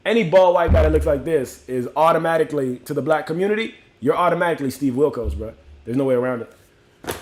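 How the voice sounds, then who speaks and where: A man's voice: on the high side, lively intonation, fast. A man hosting a live stream, talking casually and motivationally to his viewers and reading out their comments. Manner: talks straight to viewers, peppered with "you know what I'm saying"; reads out chat comments and names. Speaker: livestream host.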